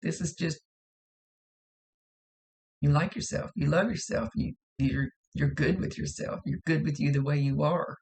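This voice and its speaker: A woman psychic medium talking through a spirit reading in a chatty, self-deprecating way. Her voice carries a steady gravelly fry, and she circles back and repeats her points. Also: low voice, unhurried, pauses often.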